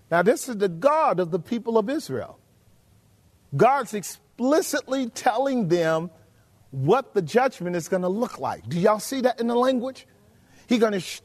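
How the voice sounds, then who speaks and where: A man preaching a sermon, emphatic and full of rhetorical questions to his congregation, drawing out key phrases slowly. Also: extremely high pitch, lively intonation, a little mellow. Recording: long hall reverb.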